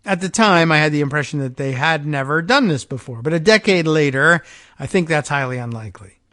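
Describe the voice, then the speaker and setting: A man with a fairly high voice reads a long first-person story to his listeners. His dry, close-miked delivery keeps dropping into quiet, sardonic side comments before he goes back to the reading. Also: expressive, brisk, dry recording. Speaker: podcast host. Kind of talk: reading a story aloud with asides.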